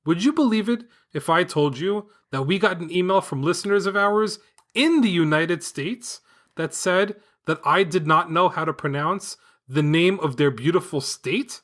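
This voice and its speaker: A man hosting a children's podcast with his daughter, reading a script in an upbeat, enthusiastic, clearly paced way. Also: high voice, moderate pace, a bit bright. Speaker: podcast host and father. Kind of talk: scripted podcast narration for kids.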